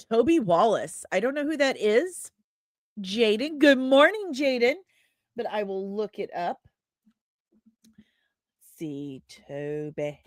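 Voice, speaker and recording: A woman's voice: lowish voice, a little mellow, no echo. Chatty woman host, dry close sound. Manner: chatty, quick asides, often laughing at herself. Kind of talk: live chat reading viewer comments.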